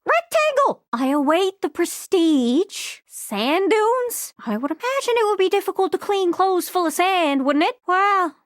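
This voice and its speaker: Cheerful chatty female globe, lively dry studio read for a game. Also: very high voice, a little slow, few pauses, dry recording, heavily acted. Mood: bubbly. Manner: bubbly, chatty, playful. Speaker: dating sim character. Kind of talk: video game voice acting. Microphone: dry studio mic.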